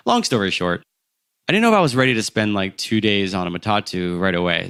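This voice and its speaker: A man in his thirties from Philadelphia, a podcast guest telling travel stories with animated energy and acting out the people in them. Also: lowish voice. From Philadelphia, USA. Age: 30s. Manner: animated storyteller who acts out the people in his tale, laughing at himself. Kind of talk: travel storytelling in an interview.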